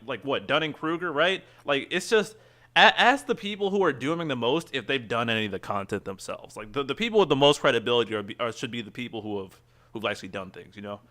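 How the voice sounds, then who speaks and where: Bright and forceful in the mid range, this man's voice carries a rambling, rapid rant on his game stream. He keeps restarting his sentences and reads chat as he goes.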